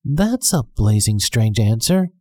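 A man voicing a rough, plain-spoken messenger on horseback who mutters to himself in a storybook reading. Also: mid-range voice, very animated, slow, dark tone, no echo, studio quality. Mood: puzzled.

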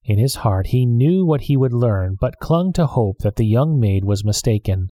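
A man reading a storybook aloud in a calm, steady manner. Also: medium pitch, moderate pace, no room sound, studio quality. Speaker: narrator. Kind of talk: storybook narration.

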